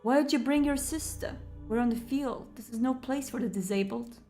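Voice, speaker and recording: An older Midwestern vampire hunter grumbles at his old partner with tired impatience, as a woman reads him out. The voice sits fairly high. Faint game music plays underneath. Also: normal speed, mellow, natural voice. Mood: exasperated.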